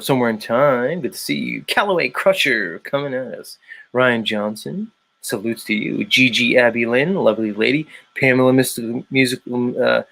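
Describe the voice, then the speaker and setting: A man's voice: mid-range voice, creaky, a bit bright. A man hosting a livestream in a casual chat, reading out viewers' names and arguing his points. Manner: reads out chat names, argumentative. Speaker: livestream host.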